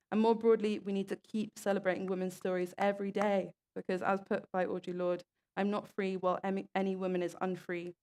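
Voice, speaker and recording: A young woman reads moving stories to an audience. Her delivery is earnest and fairly level in pitch, and her voice has a gravelly edge. She stumbles and restarts on a word from time to time. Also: a little mellow. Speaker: speaker at an event. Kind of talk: reading stories aloud in a talk.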